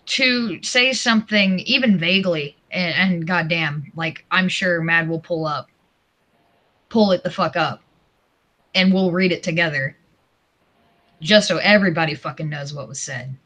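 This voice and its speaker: Male stream guest, bright sharp voice, venting grievances with lots of cursing and restarts. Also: sits high. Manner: aggrieved, profane, halting restarts. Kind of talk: heated livestream grievance.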